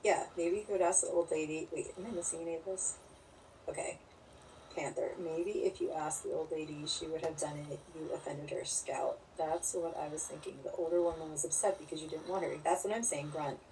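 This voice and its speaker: A low-pitched woman in her forties talks loosely with viewers, blunt and rambling, with curses dropped in along the way. Her voice sits back from the mic, and a faint hiss runs under it. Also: steady tone, a little fast, mellow. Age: 40s. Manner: blunt, rambling, swears freely. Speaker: live streamer. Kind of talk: casual chat reading viewer comments. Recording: distant mic with faint background noise.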